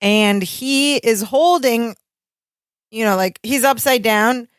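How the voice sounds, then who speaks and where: A woman's voice: on the high side, slow, clear, resonant tone, dry recording, studio quality. A woman co-hosting a podcast, chatting casually about a sitcom episode and finishing her co-host's sentences. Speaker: podcast co-host.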